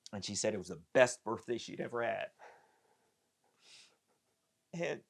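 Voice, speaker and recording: A middle-aged man with a fairly low voice tells a personal story as a podcast guest. He is animated and acts out each person's voice as the story unfolds.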